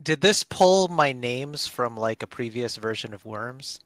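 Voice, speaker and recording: A man's voice: medium pitch, animated, measured pace, no room sound. A man chatting casually during a game, easygoing and joking. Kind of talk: casual gaming chat.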